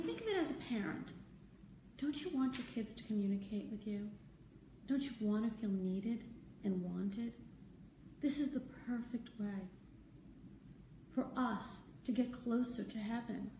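A woman hosting a live stream as a spiritual teacher, talking gently and conversationally, answering viewer comments and repeating her key phrases. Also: a little high, a little hiss or hum. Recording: roomy, distant mic, faint ambience.

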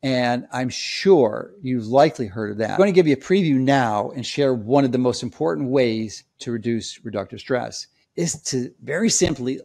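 This health commentator addresses his audience directly in a camera-facing explainer, lecturing emphatically and hammering his main points again and again. His medium-pitched voice carries vocal fry and a somewhat dark tone.

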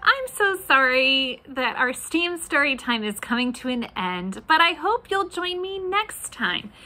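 A woman librarian leading a children's storytime, talking gently and asking the kids questions. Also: high voice.

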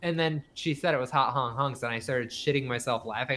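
A man's voice: a little high, normal speed. A man casually telling a story, acting out the voices of the people in it and swearing freely. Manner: animated, acts out quoted voices, swears freely. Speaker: podcast guest.

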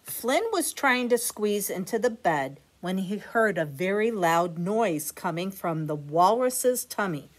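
A woman reads a bedtime picture book aloud to children at a slow, unhurried pace. Her voice rises and falls expressively, and she adds gentle, chatty asides. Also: medium pitch, expressive. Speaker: storyteller, teacher.

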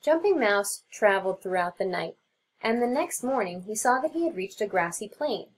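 A woman teacher narrating a children's storybook aloud in an expressive reading. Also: mid-range voice, normal speed, slightly rough.

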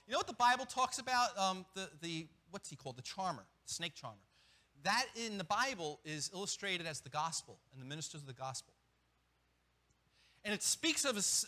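A man preaching a sermon as pastor, animated, with quick restarts and acted-out asides. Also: high voice. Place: church.

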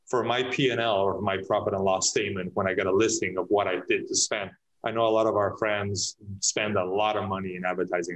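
A man's voice: deep voice, low-quality recording. A man, a real estate agent, talking in a casual podcast interview, telling stories with many restarts and acting out his clients' lines.

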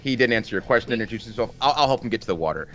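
A man's voice: medium pitch, expressive, rapid-fire, a bit bright, slight background noise. Playful man playing a tabletop game. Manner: playful, mock-polite. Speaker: player.

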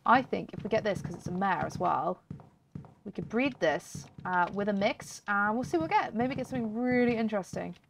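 Girl chatting thru her gameplay, bit of fry in her voice, faint hiss and clicks behind. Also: mid-range voice, expressive, brisk. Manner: chatty, talks to viewers, laughs often. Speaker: gaming video host. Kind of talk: casual game commentary. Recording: faint background noise and clicks.

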